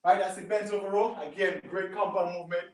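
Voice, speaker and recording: A high-voiced man talks a home audience through a resistance band workout, punctuating each rep with a quick "boom." He stands back from the mic in a bare, echoing room. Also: fairly even intonation, distant mic, heavy background noise. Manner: coaching, repeats "right?" and "boom". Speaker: fitness instructor. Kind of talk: live workout demonstration. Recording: echoey room, away from mic.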